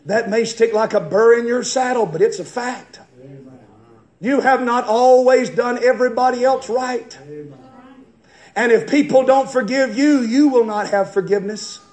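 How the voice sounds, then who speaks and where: A man's voice: very high-pitched, measured pace. A man preaching a fervent, folksy sermon. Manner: fervent, folksy storytelling that rises into shouting.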